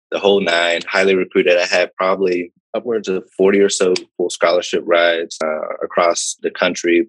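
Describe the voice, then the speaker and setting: A man from Pittsburgh in his thirties, a podcast guest telling his life story in a relaxed, reflective way with many fillers and repeated words. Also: low-pitched, dry recording, low-quality recording. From Pittsburgh, Pennsylvania, USA. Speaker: podcast guest, startup founder. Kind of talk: casual interview storytelling.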